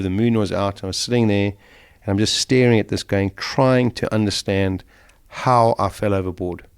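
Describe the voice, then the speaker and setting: A middle-aged man speaks as an interview guest, recounting his ordeal vividly and with feeling. His voice sits a little low. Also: clean tone. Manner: emotional, vivid retelling of a survival ordeal. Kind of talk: storytelling in an interview.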